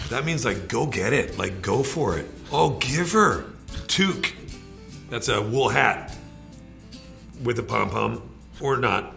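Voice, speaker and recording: A man's voice: fairly low pitch, creaky, fairly bright tone. A man, joking through a list of slang words and slipping into folksy voices for the examples. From Canada. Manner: playful, slips into folksy voices for example phrases. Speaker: celebrity in a magazine video clip. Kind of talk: comic explainer of slang.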